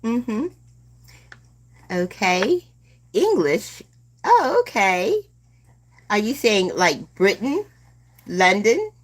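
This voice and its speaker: Gentle woman in her seventies, slow and low. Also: big pitch swings. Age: 70s. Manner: slow, gentle, calls viewers "my dear love". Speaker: live stream host. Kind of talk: casual chat with live viewers.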